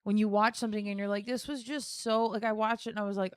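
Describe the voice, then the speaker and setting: A woman co-hosts a casual podcast, frank and earnest, with fillers in her talk. Her voice is smooth and clear. The sound is dry and close. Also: medium pitch, steady tone, fast, no room sound. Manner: frank and earnest, frequent "like" and "you know". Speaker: podcast co-host.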